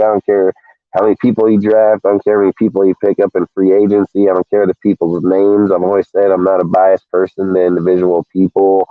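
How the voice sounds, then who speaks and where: A man's voice: low voice, dry recording. A man ranting in a casual sports talk show, heated and profane, calling everyone "dude". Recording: tinny phone-like line, dry.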